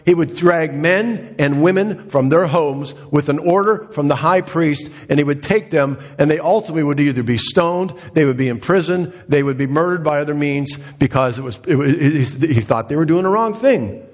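A man's voice: on the high side, normal speed, few pauses, husky. A man preaching a sermon as a pastor, telling the story earnestly and building to passionate emphasis. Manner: earnest storytelling, rising to impassioned. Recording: dull lo-fi recording in a reverberant hall.

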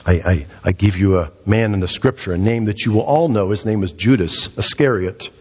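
A male pastor preaching a sermon, emphatic and repetitive, swinging his pitch up and down and short of breath. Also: a little fast, darkish tone, husky, big-room sound, lo-fi sound. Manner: emphatic, repeats phrases, dramatic pitch swings. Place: church sanctuary.

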